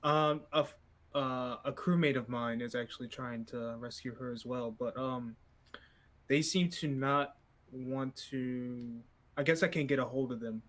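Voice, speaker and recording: A man's voice: mid-range voice, fairly even intonation, a little slow, a bit bright. A man with a mid-range voice speaks as his character in a tabletop role-playing game. He talks hesitantly, stumbling and restarting as he works out what his character does. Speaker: player.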